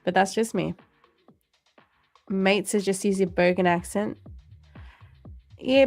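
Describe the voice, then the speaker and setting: A woman hosts a livestream and chats easily, reading viewer comments aloud with a playful, teasing edge and frequent laughter. Her pitch sits in the middle of the usual range, and soft music plays faintly behind her. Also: slow pace, long pauses. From Australia. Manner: playful and jokey, laughs often. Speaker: livestream host.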